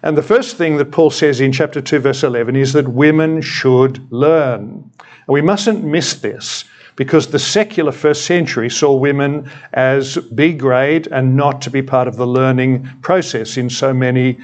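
An Australian man in his sixties delivers a sermon in an easy, conversational manner. His voice sits at an ordinary middle pitch, and he drops in wry, humorous asides as he goes. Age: 60s. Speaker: retired senior minister, preacher.

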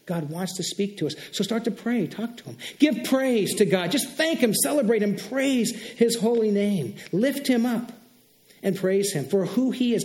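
A man with a notably high voice preaches to his church in an easy, conversational way. Now and then he sinks low and soft to voice a short prayer aloud. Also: animated, moderate pace. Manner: conversational, drops softly into quiet spoken prayers. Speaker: pastor. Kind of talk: sermon.

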